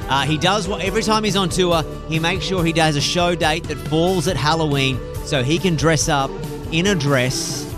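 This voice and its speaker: A man with an Australian accent hosting a radio call-in show, upbeat and joking with callers in quick back-and-forth. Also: on the high side, music in the background. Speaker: radio host. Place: radio studio. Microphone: studio mic.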